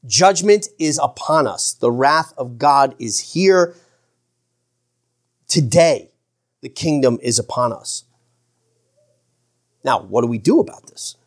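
A man preaching a sermon as pastor, earnest, slowing for emphasis and stumbling over restarts. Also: medium pitch, lively intonation. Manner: shifts from slow emphatic phrases to quick asides.

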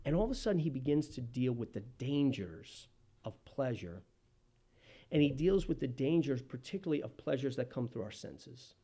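A man delivering a sermon, moving between quick asides and slow, loud, emphatic lines. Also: mid-range voice, expressive. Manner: impassioned preaching with sudden loud and slow emphatic phrases. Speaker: pastor.

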